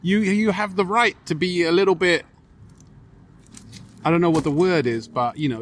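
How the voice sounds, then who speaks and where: A man's voice: sits high, animated, normal speed, slight background noise. A young man, chatting casually on a podcast, laid-back and reassuring, swearing casually, recorded outdoors by a railway track. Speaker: podcast co-host. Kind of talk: casual chat.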